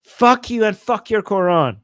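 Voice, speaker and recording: An Iranian-accented man, a native Persian speaker, hosting a heated livestream. His voice sits fairly high for a man and sounds dry and close, with almost no room around it. He mocks and swears at his viewers in loud, angry bursts. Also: expressive, measured pace, clean tone, no echo. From Iran. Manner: angry, profane, mocking, loud outbursts. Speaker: livestream host reading super chats.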